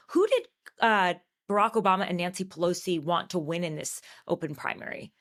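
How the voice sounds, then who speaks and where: A woman's voice: lowish voice, fairly quick, a bit bright. A woman hosting a podcast interview, asking curious, musing questions of her guest. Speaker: podcast host. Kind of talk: interview conversation.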